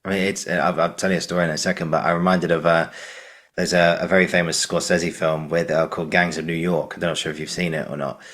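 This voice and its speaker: A man's voice: deep voice, level tone, quick pace, a bit bright. A man hosting a podcast who tells a casual, rambling anecdote full of fillers. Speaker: podcast host.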